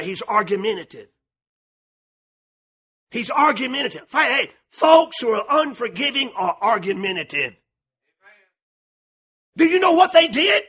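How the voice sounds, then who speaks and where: A man preaching a sermon, folksy and fervent, dropping to a hush and then rising to a shout. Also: very high voice, husky. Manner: fervent, swings from hushed to shouting; folksy, calls out to the congregation.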